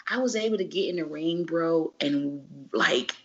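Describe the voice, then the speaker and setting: Woman, low-pitched, animated and slangy, swears freely, casual interview, dull lo-fi recording. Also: moderate pace. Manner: animated, slangy and profane storytelling. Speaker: wrestler guest.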